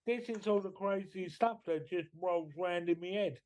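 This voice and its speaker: An English man co-hosting a podcast, explaining his ideas in a laid-back, unhurried way. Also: sits high, a little mellow. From Britain. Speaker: podcast co-host. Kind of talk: casual chat.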